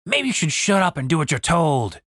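A man's voice: a little high, sing-song, a little fast, fairly bright tone, dry recording. Brief: curt, sly half-elf rogue in an audiobook, read by a man, dry close sound. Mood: commanding. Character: cocky ruthless male half-elf fighter.

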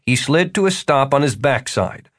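A male audiobook narrator reading fantasy fiction in a steady, lively storytelling voice. His pitch sits in an ordinary middle range. The sound is dry and close, with no room echo. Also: normal speed.

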